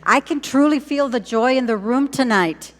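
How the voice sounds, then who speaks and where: A woman superintendent giving a graduation speech, warm and encouraging, with deliberate pauses. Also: high voice. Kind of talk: ceremonial speech. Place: large hall at a graduation ceremony. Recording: long hall reverb.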